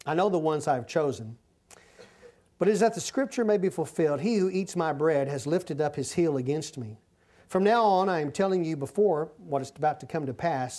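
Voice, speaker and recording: A man reading out a solemn male teacher's words from scripture in a slow, grave manner. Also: on the high side, dark tone, voice pushed down, close to an everyday voice.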